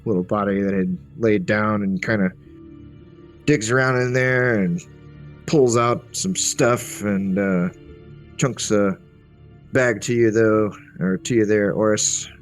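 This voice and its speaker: A man's voice: fairly low pitch, steady tone, slow. A man narrating a tabletop game as game master in a loose, casual way with many fillers. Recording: faint background music.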